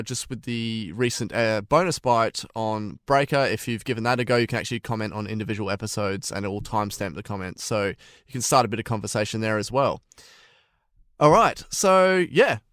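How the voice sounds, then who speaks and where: A man chats casually as a podcast co-host. His voice is smooth and resonant, and the recording is dry and close. He talks in a relaxed way, with plenty of fillers and restarts. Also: medium pitch, dry recording. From Australia.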